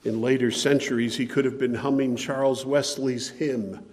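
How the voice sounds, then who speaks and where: A man preaching a sermon with impassioned, pleading delivery that swings between loud and soft. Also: mid-range voice, fairly even intonation, moderate pace. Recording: long hall reverb.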